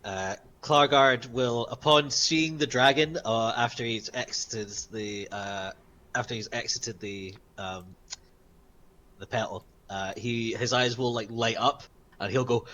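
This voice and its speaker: A man's voice: medium pitch, fairly even intonation, moderate pace, sharp tone, slight background noise. A man playing a tabletop game, describing his character's actions in a hesitant, rambling way. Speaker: player.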